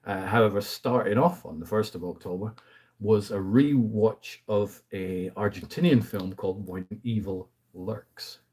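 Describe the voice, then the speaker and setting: A man talks casually about films he has been watching, wandering into asides and chuckling lightly mid-sentence. His voice sits a little low, with a mellow, husky tone. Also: unhurried. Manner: chatty and rambling, with frequent asides and fillers. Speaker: movie review host. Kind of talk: casual movie review chat.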